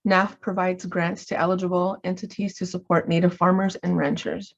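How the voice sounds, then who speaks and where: A woman from New Mexico hosting a webinar, reading announcements in an even, measured way. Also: lowish voice, gravelly. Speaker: webinar host. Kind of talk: scripted webinar introduction. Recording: dull lo-fi webinar audio.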